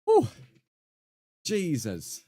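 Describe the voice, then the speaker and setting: A man's voice: on the high side, huge pitch swings, drawn-out words, mellow, no echo, clean studio sound. A young man streaming a game, casually reading out and answering his chat with frequent laughs. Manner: chatty, reads and answers chat messages, laughs often.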